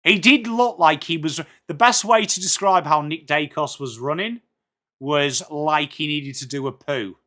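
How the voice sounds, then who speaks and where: A man's voice: fairly high pitch, a little slow, bright, forceful tone. An English man hosting a live football watchalong stream, chatting casually and greeting viewers by name with jokey asides. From England.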